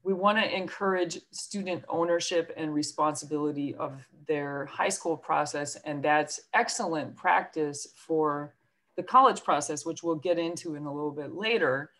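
Woman, school counselor, New York accent, deep voice, chatty, fillers. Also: normal speed, fairly bright tone. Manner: chatty, self-deprecating, many fillers. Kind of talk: presentation to parents on a video call.

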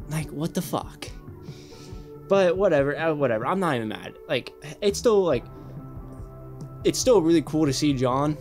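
A young man hosting a reaction channel, rambling excitedly and swearing often in casual commentary. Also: a little high, normal speed, pauses often, soft background music.

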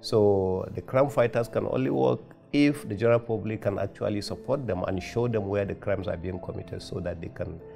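A man's voice: on the low side, moderate pace, gravelly, over music. A man making an earnest appeal to the public to support the program. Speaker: supporter giving an endorsement. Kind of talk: interview statement.

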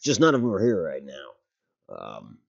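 A man's voice: rumbling low, wildly swooping pitch, measured pace, vocal fry, lo-fi sound. A man streaming a game, giving casual commentary, rambling, correcting himself and swearing casually. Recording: loud game gunfire behind voice. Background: game gunfire and artillery.

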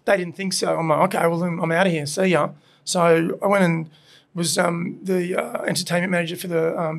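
A middle-aged Australian man telling animated stories in a casual chat, swearing and laughing often as he recounts his past. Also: sits high, gravelly. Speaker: podcast guest, burger restaurant owner. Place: his burger restaurant.

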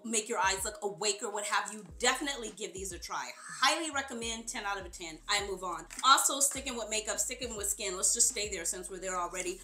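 A young adult woman talking fast and excitedly to her viewers in a chatty, emphatic beauty haul. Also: on the high side. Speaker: beauty vlogger. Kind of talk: sponsored haul, casual chat to viewers. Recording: echoey room.

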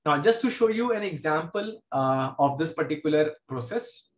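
Casting: Indian English male math teacher, high voice, patient step-by-step delivery. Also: animated, normal speed, roomy sound. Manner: explains step by step, repeats key points. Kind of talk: classroom lecture.

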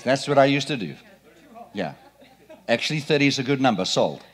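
Animated, playful male preacher. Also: medium pitch, fairly quick, some chatter behind. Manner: animated, playful, quizzes the congregation. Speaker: pastor. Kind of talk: sermon. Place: church sanctuary.

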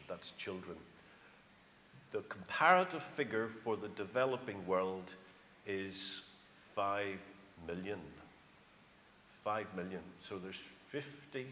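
A man's voice: deep voice, sharp tone. A middle-aged man with a County Armagh accent gives a chatty, anecdotal church talk as a charity speaker, stressing his numbers. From Northern Ireland. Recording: echoey church hall, faint noise.

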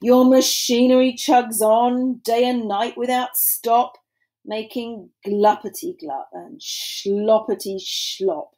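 Brief: a woman playing a grumpy old male forest creature, croaking and scolding, pitched high, storybook read-aloud. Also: mellow, rough recording. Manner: croaking, coughing, slow and scolding.

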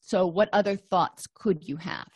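Calm woman counselor giving a lecture. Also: on the low side, unhurried, husky, no echo, clean studio sound. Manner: calm, explanatory, walks listeners through exercises. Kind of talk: recorded lecture.

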